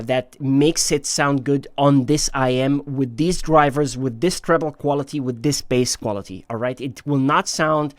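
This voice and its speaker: A man talks through a gear review in a relaxed, chatty way, full of pauses and little fillers. He sounds genuinely excited about what he is describing, and his voice sits at an ordinary middle pitch. The recording is close and dry, with no room sound. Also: dry recording. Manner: enthusiastic, hesitant with frequent fillers. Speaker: headphone reviewer, channel host. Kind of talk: casual product review talk.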